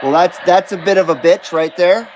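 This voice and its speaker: Brief: relaxed male radio host at home, high voice, slow talker, faint hiss. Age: adult. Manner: laid-back, chummy, swears freely. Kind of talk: casual livestream chat.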